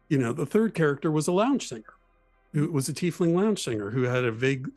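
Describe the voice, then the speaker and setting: A man in casual chat about tabletop role-playing, animated, explaining and acting out voices. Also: a little high, a little fast, no room sound, soft background music.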